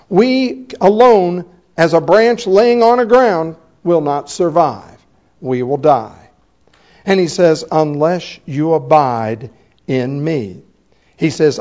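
A man preaching a sermon, reading scripture and slowing down to stress the quoted words. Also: high-pitched, a little mellow. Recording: dull lo-fi recording.

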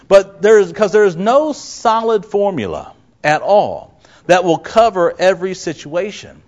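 A man preaching a sermon, his voice riding high and swinging widely in pitch. He keeps throwing rhetorical questions at the congregation. Now and then he slips into acting out the people he quotes. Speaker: pastor.

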